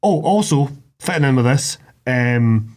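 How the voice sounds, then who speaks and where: A man's voice: medium pitch, animated, measured pace, background noise. A man co-hosting a podcast, recapping a film in sweary, self-mocking casual chat. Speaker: podcast co-host.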